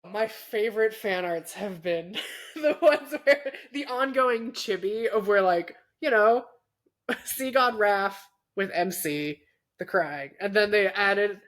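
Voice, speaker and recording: A woman's voice: mid-range voice, takes it slowly. A woman co-hosting a podcast in casual chat, teasing and laughing often. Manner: giggly, teasing. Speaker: podcast co-host.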